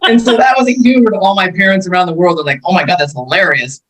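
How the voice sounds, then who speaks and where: A woman's voice: lowish voice, animated, moderate pace, long pauses, breathy edge, poor audio. A woman in her fifties from California, a martial arts instructor telling her life story in a casual interview, acting out the quotes as she goes. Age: 50s.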